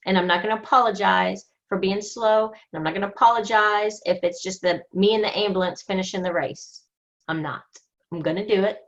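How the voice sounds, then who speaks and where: A woman leading a group coaching session, talking in an emphatic, energetic, motivational way. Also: medium pitch, brisk, highs cut off. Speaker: book study group leader.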